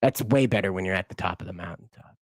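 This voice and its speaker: A man's voice: sits low, fast, no echo, clean studio sound. A man hosting a casual commentary stream, rambling and swearing with frequent laughs. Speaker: host.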